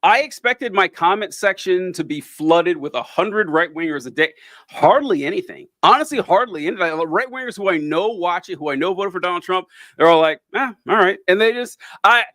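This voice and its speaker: A man in casual political chat, often incredulous and quick to laugh. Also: sits high, animated, a bit bright, no room sound. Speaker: political commentator.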